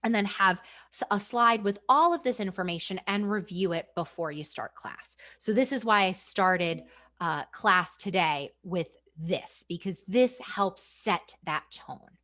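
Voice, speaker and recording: This is a woman presenting a remote training session for fellow educators. She talks with lively energy and a conversational looseness. She keeps turning back to her audience with quick questions. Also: medium pitch. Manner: energetic and chatty, often asks "right?". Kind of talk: live online professional development presentation.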